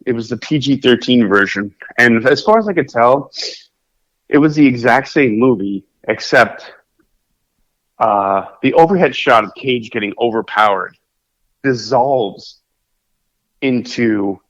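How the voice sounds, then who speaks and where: A man talks in a casual podcast chat, rambling through fillers and restarts. His pitch swings widely as he gets animated. The recording sounds dull and lo-fi. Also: a little slow. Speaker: podcast co-host. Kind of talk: casual chat about films.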